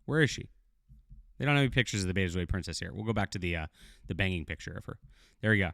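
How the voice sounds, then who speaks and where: A man's voice: low-pitched, expressive, rapid-fire, creaky, a bit bright, dry recording, clean studio sound. A middle-aged man giving casual video commentary as a TV show reviewer, blunt and critical, rambling with fillers.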